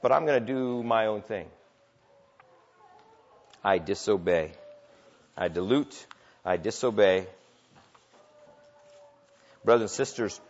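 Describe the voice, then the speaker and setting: A man's voice: on the low side, animated, takes it slowly, long pauses. Impassioned male preacher, lo-fi recording. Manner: impassioned, swings from loud emphatic preaching to quiet intimate asides. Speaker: pastor. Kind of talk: sermon. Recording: dull lo-fi church recording.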